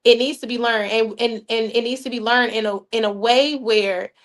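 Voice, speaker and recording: A woman's voice: fairly high pitch, steady tone, normal speed. A woman leading a youth program, talking animatedly as a podcast guest, laughing and addressing listeners in folksy asides. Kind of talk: casual podcast chat.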